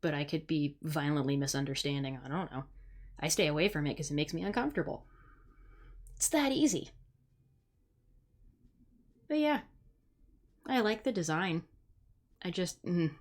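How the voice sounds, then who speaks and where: A woman's voice: low-pitched, brisk. A young woman from the Midwest, hosting a live stream in casual chat, blunt and sarcastic, swearing freely. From Midwest United States. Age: young adult. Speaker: streamer host.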